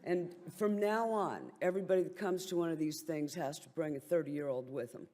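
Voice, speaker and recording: A woman's voice: low voice, fairly quick, dark tone, a little hiss or hum. An older woman who is a military veteran gives an impassioned, blunt and wryly indignant speech at a briefing. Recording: long hall reverb.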